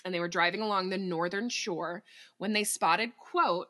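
A woman's voice: on the low side, normal speed, bright, forceful tone. A woman co-hosting a podcast, telling a story in casual chat, giggly and freely swearing as she reads out quotes.

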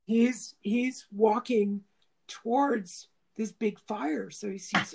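This woman's voice sits a little high, and she talks slowly with some vocal fry over slight background noise. Chatting casually in an interview, she tells stories with lively acted-out quotes, often restarting phrases mid-thought.

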